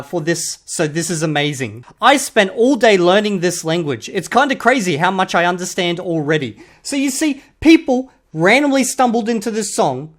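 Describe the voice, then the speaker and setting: Australian vlogger, mid-pitched, blunt and sweary; punctuates rants with "okay?". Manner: blunt and profane, repeatedly drops a prodding "okay?". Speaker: YouTuber critiquing online comments. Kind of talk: casual commentary.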